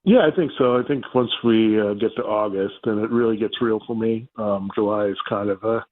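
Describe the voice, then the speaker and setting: A man appearing as a guest football writer, giving measured, analytical takes in a radio interview. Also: fairly low pitch. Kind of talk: phone-in interview. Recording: tinny phone line.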